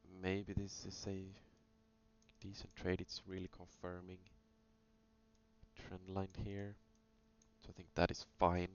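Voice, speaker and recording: A man with a low, monotone voice talks casually through chart trades in a screen-recorded review, speaking at a measured pace with long pauses. He thinks aloud with lots of fillers, and the recording sounds dull and lo-fi with a faint hum.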